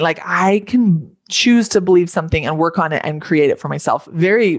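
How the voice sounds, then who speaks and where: A woman with a lowish voice talks through her ideas as a podcast guest, earnest and full of fillers. The sound is dry and close. She searches for words as she goes, in a casual conversational way. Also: no room sound. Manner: earnest, thinking aloud with many fillers. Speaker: podcast guest, life coach.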